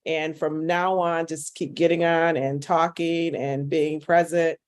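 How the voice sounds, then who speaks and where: A woman's voice: sits low, level tone, a little slow, no room sound, clean studio sound. Emotional woman praising her sister. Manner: emotional and affectionate. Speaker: panelist. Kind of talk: heartfelt tribute.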